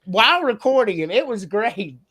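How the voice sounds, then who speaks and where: A man hosting a casual sports podcast, animated, laughing often and swearing freely. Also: high-pitched, moderate pace, heavy background noise. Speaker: podcast host.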